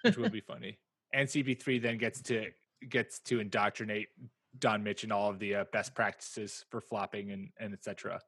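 A man co-hosting a casual podcast chat, animated and joking, rambling through restarts. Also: lowish voice, normal speed, husky, dry recording. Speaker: podcast co-host.

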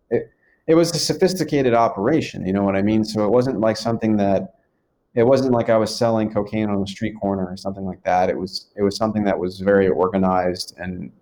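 A man's voice: lowish voice, darkish tone. A man in his twenties telling his story in a rambling, casual way, with many fillers and restarts. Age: 20s. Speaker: guest.

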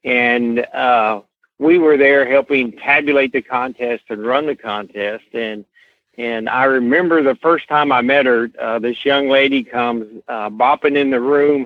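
A middle-aged man with a slow Southern Kentucky accent, telling stories as an interview guest, unhurried with many fillers. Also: medium pitch, no room sound. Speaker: guest, horse association president. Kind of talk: casual podcast interview, storytelling. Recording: tinny phone-line sound.

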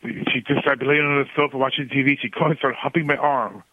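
A man calling in to a radio show, rambling and halting as he tells a story about his dog. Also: medium pitch, steady tone, no echo, phone-quality sound. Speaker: caller. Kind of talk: radio call-in question.

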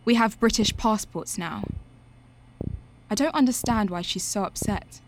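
A woman narrating as a slow, introspective young woman. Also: medium pitch, lively intonation, slight background noise, lightly acted. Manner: slow, quiet and reflective. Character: young woman recalling her family, introspective. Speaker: lead narrator of an audio drama. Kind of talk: scripted first-person audio drama narration.

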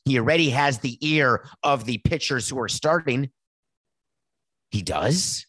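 A man's voice: mid-range voice, measured pace, fairly bright tone, husky, no room sound. A man hosting sports talk, worked up and sarcastic as he acts out exchanges between team officials. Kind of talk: animated sports commentary monologue.

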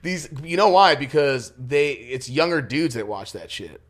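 A young man chatting on a podcast, swearing often and laughing through his stories. His delivery is loose, animated and unscripted, the way people talk among friends. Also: medium pitch, a little slow. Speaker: podcast co-host. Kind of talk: casual podcast banter.

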